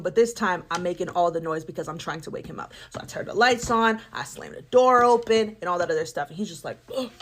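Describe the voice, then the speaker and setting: A young woman telling a personal story in a casual, animated storytime style, with laughs and dramatic asides. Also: mid-range voice, slight background noise.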